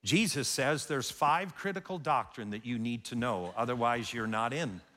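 A man's voice: mid-range voice, moderate pace, bright, forceful tone. A man preaching a sermon as pastor, telling the story dramatically and acting out the scene. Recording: long hall reverb.

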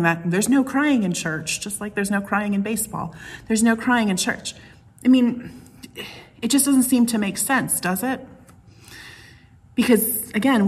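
A middle-aged woman preaches to her congregation in an easygoing, conversational way. She slips into stories and playful asides as she talks, and her voice sits at an ordinary middle pitch. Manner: chatty storytelling with playful asides. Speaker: pastor. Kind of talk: conversational sermon.

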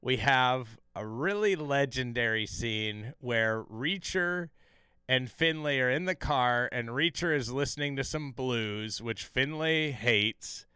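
Man, podcast co-host, bright, clear voice, dry close sound, rambling, swears a lot. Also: medium pitch, lively intonation, slow pace, no room sound. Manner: rambling, profane, lots of fillers and restarts. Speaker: podcast co-host recapping a TV episode. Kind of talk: casual chat.

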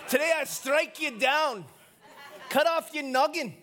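A man's voice: very high voice, unhurried, bright, forceful tone, pitched above the performer's own voice, full character voice. A man voicing a young male warrior taunting a giant, in a hammy mock Scottish accent, bold and theatrical. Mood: defiant taunting. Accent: exaggerated mock Scottish. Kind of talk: comic impression within a sermon.

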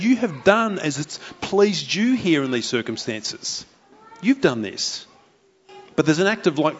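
A man preaching a sermon, telling a Bible story with animated flair and briefly voicing its characters. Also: medium pitch. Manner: animated storytelling, acting out the sailors' voices. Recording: dull lo-fi recording.

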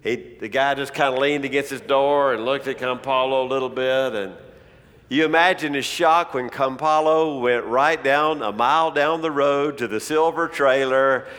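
A man's voice: normal speed, a bit bright, in a large hall. A man preaching a sermon, telling a story and acting out the quoted lines of its people. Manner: storytelling, acts out quoted speech with rising pitch.

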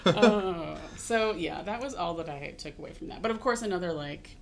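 A fairly low, gravelly-voiced woman from the American South co-hosts a podcast, talking in halting, wry bursts padded with ums. A faint rumble runs under the recording. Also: animated. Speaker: podcast co-host. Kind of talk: casual chat.

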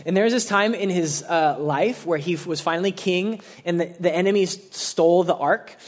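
Young guy pastor, laid back sermon, lots of "like", kinda high voice. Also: moderate pace. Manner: casual and conversational, full of "like", acts out quotes.

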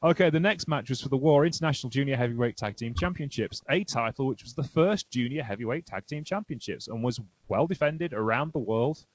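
A man hosting a casual wrestling podcast, chatty and animated, laughing often as he tells stories. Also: mid-range voice, a little fast, few pauses, breathy edge, no room sound. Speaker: podcast host. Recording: dry, dull lo-fi sound.

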